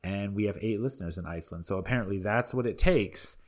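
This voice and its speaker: A man's voice: lowish voice, quick pace. A man co-hosting a podcast in casual chat, wry and teasing, who laughs often. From Southern United States. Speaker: podcast co-host.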